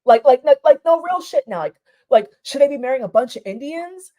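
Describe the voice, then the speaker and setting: A woman from Europe vents in a casual vlog rant, her voice sitting a little high. She talks heatedly and stumbles over restarts, repeating words as she pushes her point, with the odd curse thrown in. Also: animated, fairly quick, dark tone. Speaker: vlogger.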